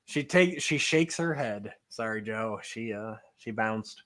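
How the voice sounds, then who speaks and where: A man's voice: medium pitch, fairly even intonation, measured pace, few pauses, a bit bright. A man hosting a podcast, casually reading a choose-your-own-adventure book aloud. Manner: casual, laughs between lines. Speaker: podcast host.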